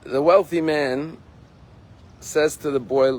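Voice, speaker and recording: A man's voice: mid-range voice, animated, moderate pace, rough recording. Earnest male rabbi telling a sermon story. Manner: earnest, emphatic, acts out quotes.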